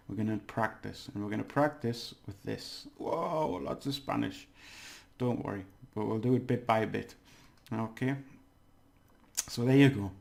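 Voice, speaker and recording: A man giving a casual video lesson as a language teacher, chatty, laughing often and repeating words slowly to model them. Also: fairly low pitch, gravelly, darkish tone.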